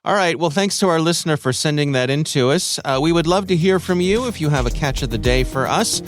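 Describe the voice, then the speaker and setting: A man's voice: fairly high pitch, expressive, quick pace, no room sound, soft background music. A man hosting a podcast, asking questions and laughing along in casual chat. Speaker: podcast host.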